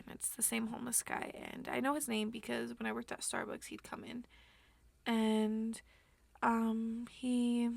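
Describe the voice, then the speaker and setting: A young woman vlogger rambling through an emotional personal monologue, soft and tearful, with many fillers. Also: a little high, vocal fry, no echo.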